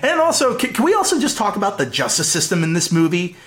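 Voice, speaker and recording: A man co-hosting a casual movie podcast, talking excitedly with frequent stammered restarts. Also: high-pitched, quick pace. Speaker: podcast co-host. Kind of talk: casual movie review chat.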